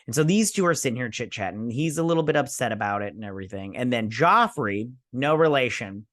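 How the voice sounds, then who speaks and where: Lively-voiced man recapping a TV episode. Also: mid-range voice, a little fast, no room sound, clean studio sound. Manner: retells scenes by casually voicing characters' lines; loose and slangy, with many fillers. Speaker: host of a TV review show. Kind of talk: casual episode recap and review.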